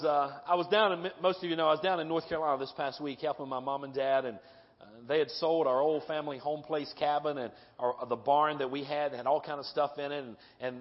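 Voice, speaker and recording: High-voiced pastor preaching in a hall. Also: male voice. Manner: lively storytelling, often asks the congregation "right?" and "okay?". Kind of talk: sermon. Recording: dull sound with long hall reverb.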